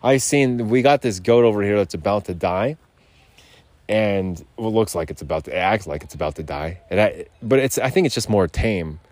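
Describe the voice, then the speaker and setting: A man's voice: on the low side, animated, moderate pace, darkish tone, no room sound. A man hosting a podcast outdoors, rambling in loose, profane, digressive casual chat. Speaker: podcast host. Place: outdoors on a rural lot.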